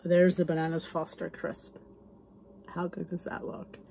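A woman's voice: on the low side, completely flat delivery, unhurried, vocal fry, mellow, a little hiss or hum. A woman hosting her cooking channel, chatting casually as she reads recipe names aloud and gushes over the food, now and then dropping into a whisper. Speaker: cooking channel host reviewing a cookbook. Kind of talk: casual chat.

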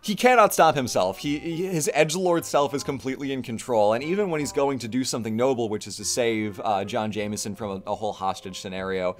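Young male co-host, chatty recapper who acts out quotes; average pitch. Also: quick pace, hardly any pauses, faint music behind. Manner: animated storytelling, acts out quotes. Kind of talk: casual commentary on cartoons.

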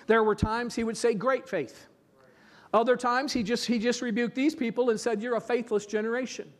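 A pastor delivering an earnest sermon, asking his congregation for amens and repeating phrases for emphasis. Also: very high voice.

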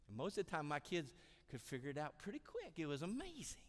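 Pastor preaching in a reverberant church. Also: male voice, on the high side, fast, few pauses. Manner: animated, emphatic preaching. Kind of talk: sermon. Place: church sanctuary.

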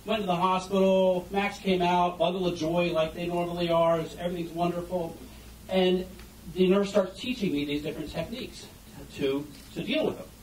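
On stage before an audience in an event hall, a man talks humorously about being a parent, spinning lively stories and quizzing the crowd. The room is echoey and the mic distant; his high voice keeps a fairly even intonation at a moderate pace, with slight background noise.

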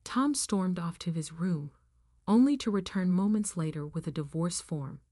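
A woman narrating a first-person story in a firm, even reading voice. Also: fairly low pitch, moderate pace, dry recording, studio quality.

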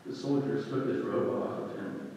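Deep-ish guy reading the crucifixion story, far off in a big echoey church with faint room hum. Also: normal speed, warm tone. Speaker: scripture reader. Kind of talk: slow solemn reading of the Passion story. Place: church sanctuary.

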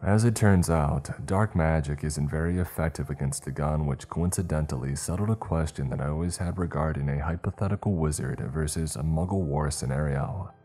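A man's voice: rumbling low, moderate pace, hardly any pauses, mellow, slightly rough, soft background music. A man narrating a scripted horror story with dry, wry humour.

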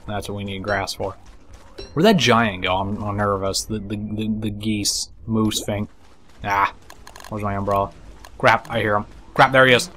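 A man giving casual let's play commentary, excitable and swearing, talking to the creatures in the game. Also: lowish voice, normal speed, faint music behind. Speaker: gameplay commentator.

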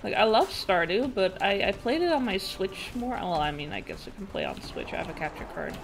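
A woman's voice: mid-range voice, very animated, a little fast, gravelly. A woman streamer chatting casually while gaming, cursing and exclaiming at the game and reading chat. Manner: swears a lot, exclaims at the game.

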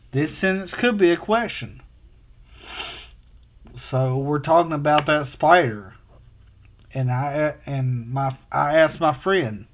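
A man teaching a phonics and punctuation lesson to children, sounding out letters slowly and patiently. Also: a little high.

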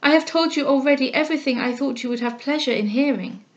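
A composed, kind young lady who speaks gently and with measured care, her tone fairly high, as a woman reader gives her voice. The recording is slightly lo-fi and dull. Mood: gentle, earnest.

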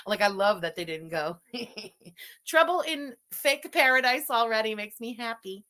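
A woman's voice: on the high side, lively intonation, normal speed, sharp tone. A woman hosting a commentary stream, reacting to a livestream clip in a mocking, sarcastic way. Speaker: commentary host.

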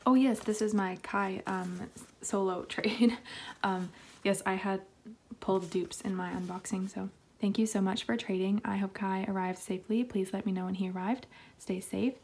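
A young woman chatting casually while unboxing K-pop albums, excitable and talkative, with lots of fillers and little laughs. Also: medium pitch, normal speed, slight background noise. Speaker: K-pop album haul vlogger.

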